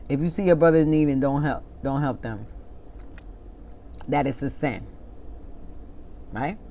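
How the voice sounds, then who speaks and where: A woman preaching an informal, impassioned sermon, reading scripture slowly and then arguing with an imagined congregation. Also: sits low, a little mellow. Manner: impassioned, talks back to an imagined congregation, laughs at herself; reads scripture slowly and deliberately.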